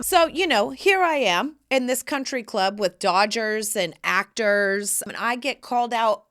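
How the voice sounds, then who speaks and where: A woman podcast host from Texas, telling stories in a sassy, animated casual chat. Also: a little high, measured pace, hardly any pauses. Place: studio or home set, shooting video.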